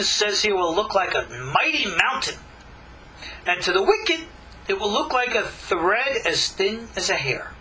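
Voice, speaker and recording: A man, a rabbi, teaching a Torah class in an emphatic lecturing style with long dramatic pauses and rhetorical questions. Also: high voice, bright, forceful tone, slight background noise, poor audio.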